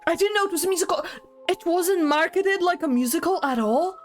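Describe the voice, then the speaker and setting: A woman streaming a game, chatting casually with her viewers in an excitable, talkative way that often breaks into laughter. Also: very high-pitched, brisk, faint music behind.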